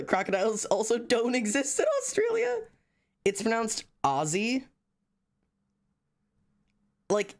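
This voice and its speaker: A tired streamer, chatting casually on a live stream, rambling, joking and swearing a lot. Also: mid-range voice. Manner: profane, rambling, jokey.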